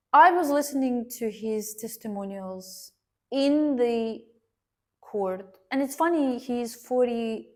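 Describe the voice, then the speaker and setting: A woman earnestly recounting a personal story to her viewers, addressing them directly and pausing to restart her sentences. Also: a little high. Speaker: vlogger sharing a personal story.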